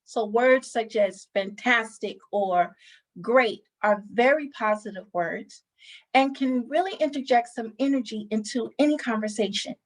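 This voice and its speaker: Woman trainer, slightly high voice, steady explanatory delivery for a workplace lesson. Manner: measured, explanatory, emphasizes key words. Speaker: customer service trainer. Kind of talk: instructional presentation.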